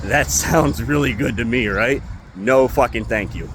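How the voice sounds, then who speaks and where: A man's voice: mid-range voice, unhurried, fairly bright tone. Man, angry venting vlog, profane rant, mid-range voice, faint outdoor traffic noise. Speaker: retail store employee.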